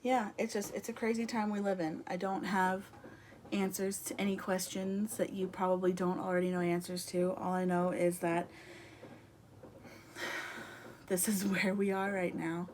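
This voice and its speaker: A woman's voice: medium pitch, flat delivery, unhurried, a little mellow, slight background noise. A young woman chatting casually to camera from her room at home, rambling and laughing as she talks, a little out of breath. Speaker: vlogger.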